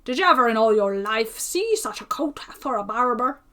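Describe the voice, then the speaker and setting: A woman's voice: fairly high pitch, lively intonation, normal speed, fairly bright tone. A woman doing a pompous chatty tailor. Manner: chatty, self-important, exclaiming. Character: pompous gossiping male tailor.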